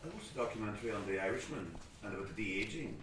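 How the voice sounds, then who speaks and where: A low-voiced man asks a question from the audience, starting over as he speaks. He is picked up from far off in a roomy hall with a faint background hum. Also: rapid-fire. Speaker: audience member asking questions. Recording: distant, echoey hall recording.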